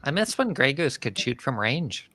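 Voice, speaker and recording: A man with a bright, gravelly voice trades jokes about a soccer match on a video call. His pitch swings widely as he talks, and the sound is dry and close. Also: normal speed, no echo. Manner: joking, animated banter about the match. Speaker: soccer supporters' group member. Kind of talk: casual watch-party chat.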